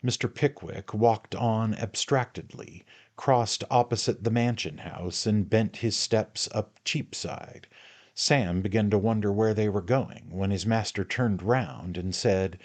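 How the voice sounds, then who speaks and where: A man narrating a classic novel as an audiobook, with measured storytelling. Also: fairly low pitch, darkish tone.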